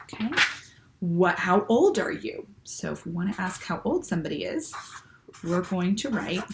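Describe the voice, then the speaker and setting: A woman teaching young children, speaking slowly and clearly and checking often with "okay?". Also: lowish voice, big pitch swings, background noise. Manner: patient, slow and clear, with many "okay?" checks. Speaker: Spanish teacher. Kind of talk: classroom lesson for children.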